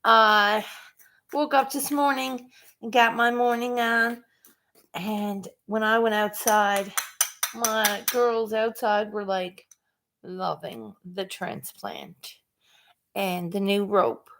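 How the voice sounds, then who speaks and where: A woman's voice: mid-range voice, steady tone, slow pace, background noise. A woman chatting casually with viewers on her live stream, laid-back and chatty. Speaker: live stream host and artist.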